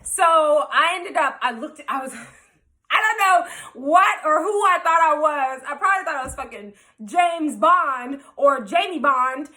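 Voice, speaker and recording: A woman telling a wild personal story in a casual, animated, profane way, acting out what everyone said. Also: high-pitched, measured pace. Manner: animated, profane, quoting herself.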